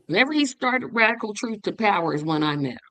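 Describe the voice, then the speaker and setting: A woman hosting a memorial livestream, telling stories with animated, rising quotes. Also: fast talker, dry recording. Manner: animated storytelling, voice jumps high when quoting. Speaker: podcast host. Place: online stream.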